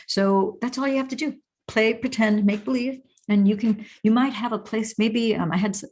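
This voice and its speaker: A woman hosting a show and answering viewer questions, enthusiastic and animated, often breaking into excited exclamations. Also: on the low side. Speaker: host.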